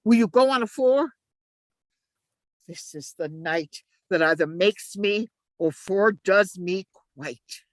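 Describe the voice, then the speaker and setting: Taking the part of a scheming male ensign in an amateur reading, a woman alternates urgent shouts with low asides. Her voice sounds natural and slow, and there's no echo.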